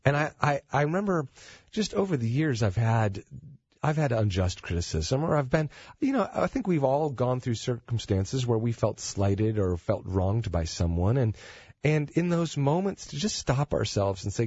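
A man talking as a guest on a Christian talk show, earnest and quick to laugh, later leading a prayer. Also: mid-range voice, breathy edge, no room sound, highs cut off. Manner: animated, laughs easily, earnest when praying.

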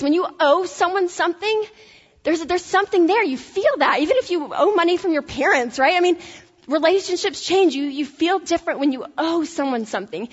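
A woman with a Tennessee accent delivers an animated motivational talk to college students in a high voice. The sound is dull and lo-fi, carrying the long echo of a large hall. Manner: energetic, animated, laughing asides. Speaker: speaker addressing college students. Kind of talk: motivational faith-based talk.

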